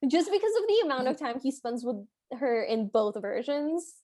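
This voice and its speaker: A woman's voice: high-pitched, big pitch swings, normal speed, mellow. A woman co-hosting a podcast, casually discussing a film and laughing easily. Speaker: podcast co-host. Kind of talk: casual movie recap chat.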